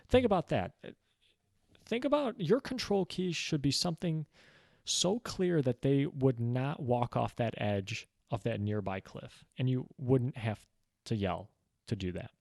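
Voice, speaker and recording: A man's voice: mid-range voice, lively intonation, measured pace, vocal fry, darkish tone, no room sound, studio quality. A young man talking through a book in a casual, rambling way, often saying "like" as he goes. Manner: easygoing, rambling, many "like" fillers. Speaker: book reviewer. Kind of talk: casual book summary monologue.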